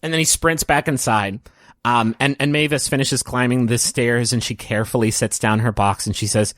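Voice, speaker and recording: A man's voice: medium pitch, steady tone, normal speed, fairly bright tone, dry recording. A man narrating a tabletop game as game master, casual and easygoing. He chuckles and restarts often. The recording is dry and close. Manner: casual, with many fillers and chuckles.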